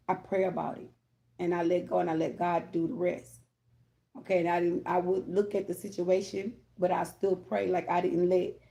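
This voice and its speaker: Speaking in a lowish, gravelly, warm voice, a tarot reader talks directly to her viewers in a casual spiritual chat. She rambles candidly, checking in with "y'all" and "okay?" between thoughts, and keeps a mellow, informal tone throughout.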